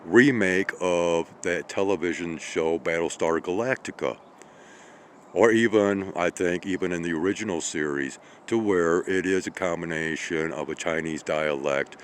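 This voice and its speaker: Slow, deep-voiced tired man. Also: slight background noise. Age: 50s. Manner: slow, meandering, with frequent "okay?" and "all right?". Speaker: channel host. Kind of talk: rambling monologue.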